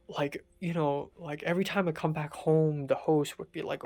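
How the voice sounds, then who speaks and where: Young adult from Hong Kong, mid pitch, telling a personal story as an exasperated rant with plenty of swearing. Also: fairly even intonation, moderate pace, hardly any pauses, dark tone. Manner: venting, exasperated, swears often. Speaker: vlogger. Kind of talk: casual storytelling monologue.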